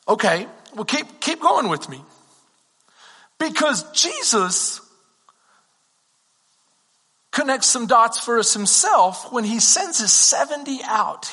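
A Texan pastor preaches in a conversational way, firing questions at his congregation and answering them himself. His voice sits high and has a slightly husky edge. It rings with the long reverb of a church sanctuary. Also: sharp tone. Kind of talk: sermon.

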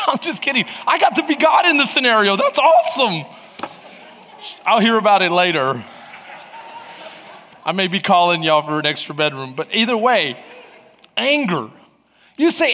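A man preaching a sermon as pastor, emphatic and repetitive, with bursts of shouting and playful acted-out scenes. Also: high-pitched, lively intonation, normal speed, in a large hall. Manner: playful, acts out little scenes.

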